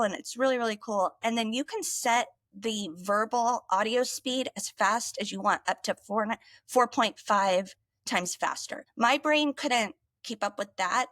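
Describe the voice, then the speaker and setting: A woman's voice: on the high side, a bit bright, no room sound. A woman co-hosting a podcast in casual, emotional chat. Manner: emotional, tearful at times, chatty. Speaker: podcast co-host.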